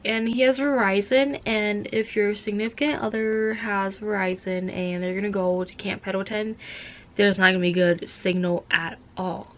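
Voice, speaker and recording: A woman's voice: medium pitch, steady tone, normal speed, fairly bright tone. Chatty young woman, rambling vlog talk. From Minnesota. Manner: rambling, heavy use of "like". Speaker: vlogger. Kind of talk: casual chat.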